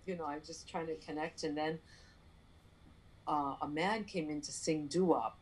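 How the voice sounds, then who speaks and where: A woman from New York with a Puerto Rican family, a playwright telling a story in an interview, animated and full of fillers and restarts. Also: low voice, moderate pace, pauses often, breathy edge, poor audio. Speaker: playwright guest.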